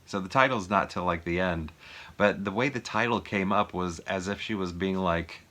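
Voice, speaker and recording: A low-pitched male voice at normal speed, pushed and bright. He's a movie review vlogger casually chatting about a film, rambling with plenty of fillers and chuckles.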